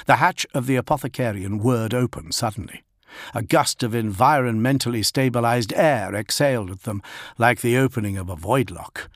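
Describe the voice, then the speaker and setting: Reading an audiobook aloud, this male narrator keeps his storytelling steady and even. His mid-range voice moves at a moderate pace over clean, echo-free studio sound.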